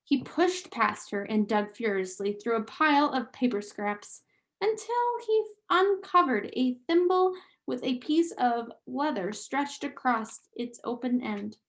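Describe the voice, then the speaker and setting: A woman reading a children's novel aloud, narrating in an expressive, deliberate way. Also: sits high. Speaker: reader. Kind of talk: storybook read-aloud narration.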